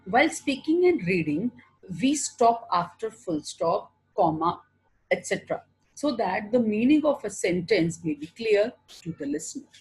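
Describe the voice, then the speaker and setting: A woman with an Indian English accent giving a recorded online lecture, explaining slowly and answering her own questions as a teacher. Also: mid-range voice, big pitch swings, darkish tone, slightly rough, soft background music, low-quality recording.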